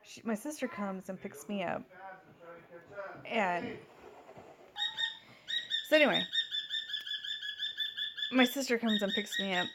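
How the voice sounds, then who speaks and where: Lady in her 30s rambling thru a story at home, lots of likes and ums, mid pitch, faint hiss. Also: slow, pauses often. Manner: rambling, many fillers and restarts. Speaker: vlogger. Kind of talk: casual storytelling vlog.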